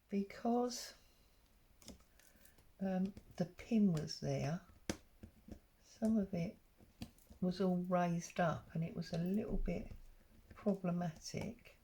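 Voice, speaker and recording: This craft vlogger has a warm, low-leaning voice as she stitches her embroidery project. Her casual stitch-along talk meanders, peppered with frequent ums.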